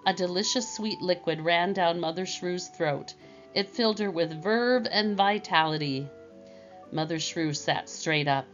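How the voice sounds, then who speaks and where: Woman reading a gentle storybook. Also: lowish voice, moderate pace, highs cut off, faint music behind. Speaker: narrator. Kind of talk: storybook narration.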